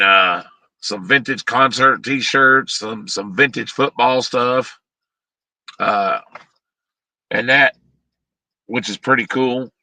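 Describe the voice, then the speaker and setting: Man, sarcastic rambling drawl, very bright tone, dry close sound. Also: medium pitch, no echo, rough recording. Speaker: streamer. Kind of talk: casual live-stream chat.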